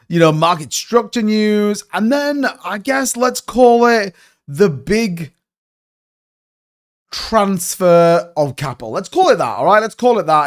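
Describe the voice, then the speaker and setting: Chatty livestream host, slightly high voice. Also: male voice. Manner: chatty, greets viewers by name, swings between upbeat and muttering. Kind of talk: casual livestream chat.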